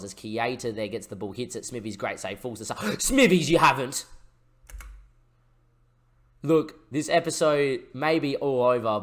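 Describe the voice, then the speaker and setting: Young male gaming streamer: casual play-by-play, moody mutters and sudden loud excitement. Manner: swings from low muttering to excited shouting. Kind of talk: let's-play commentary over a football management game.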